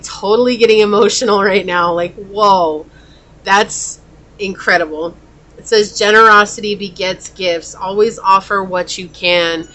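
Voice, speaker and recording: A woman's voice: mid-range voice, bright, forceful tone, a little hiss or hum. A woman giving a pick-a-card tarot reading to her viewers, chatty and openly emotional, saying y'all as she talks. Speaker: tarot reader.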